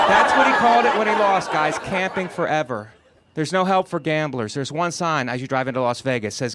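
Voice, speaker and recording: A middle-aged man doing a stand-up set, delivering jokes punchily with sudden loud rants, and dropping to a quiet, measured tone in reflective asides. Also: fairly high pitch, expressive, a faint crowd, a little hiss or hum. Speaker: stand-up comedian.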